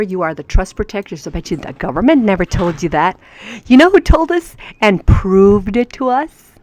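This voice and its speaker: A woman of middle pitch gives a casual home lesson. She talks in a chatty, emphatic way and often turns aside to speak straight to her viewers. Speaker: home teacher. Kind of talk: casual lesson reading legal maxims.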